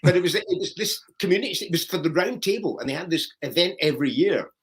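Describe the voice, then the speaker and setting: A Scottish man from Edinburgh, a comedian host, telling a lively story in casual chat. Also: sits high, quick pace. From Edinburgh, Scotland. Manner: lively, laughing anecdote telling.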